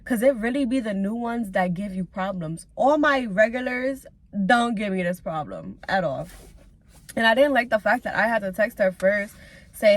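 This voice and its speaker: A young woman, a lash tech, telling a storytime vlog in an animated, exasperated way, acting out both sides of the talk. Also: medium pitch, normal speed, dry recording. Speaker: lash technician and vlogger.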